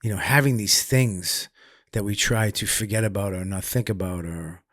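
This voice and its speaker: A middle-aged man, a comedian telling stories in an interview, profane and animated. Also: lowish voice, normal speed, dry recording, clean studio sound. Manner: profane, animated, acts out other people's voices loudly. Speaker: comedian guest. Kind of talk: candid storytelling in conversation.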